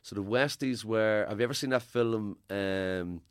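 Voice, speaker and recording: Irish male guest in his forties, low and dry, rambling anecdotes, swears casually. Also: normal speed, clean tone, no room sound. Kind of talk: casual podcast chat.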